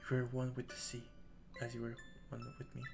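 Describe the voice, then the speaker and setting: A man's voice: mid-range voice, monotone, a little fast, vocal fry, over music, lightly acted. A man doing a tender, dying young wife. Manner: tender, earnest letter reading. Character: Scarlet, loving dying young wife, gentle.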